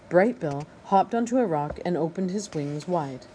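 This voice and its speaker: A woman reading a children's novel aloud in a steady, expressive narration. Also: on the low side, normal speed, hardly any pauses, a little hiss or hum, poor audio. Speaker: audiobook reader. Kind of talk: storybook read-aloud narration.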